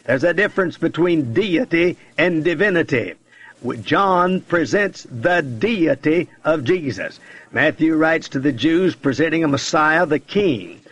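A man preaching a radio sermon in an oratorical, emphatic way, piling up lists of words. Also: on the high side. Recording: dull lo-fi radio broadcast.

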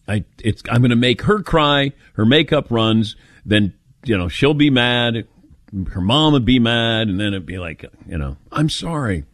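Lively middle-aged male radio host. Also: medium pitch, a little slow, no echo, clean studio sound. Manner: lively, joking, animated. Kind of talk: casual call-in chat.

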